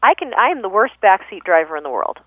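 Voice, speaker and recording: A woman guest explaining communication in a thoughtful, conversational way, pausing often with fillers and self-corrections. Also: medium pitch, sing-song, slightly rough, no room sound. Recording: tinny phone-line radio audio.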